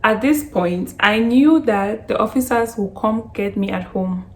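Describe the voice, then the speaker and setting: A young woman from Canada recounting a personal story on her vlog, in a lively retelling full of "like" and acted-out quotes. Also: medium pitch, unhurried, slight background noise. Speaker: vlogger.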